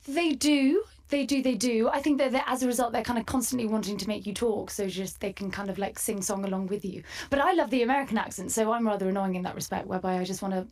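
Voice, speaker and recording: A young Scottish-born actress with a crisp southern English accent, chatting lively in an interview and laughing often. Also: female voice, mid-range voice. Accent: crisp southern English with faint Scottish. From Scotland. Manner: lively, laughs often, quick enthusiastic replies. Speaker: actress guest. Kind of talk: interview chat.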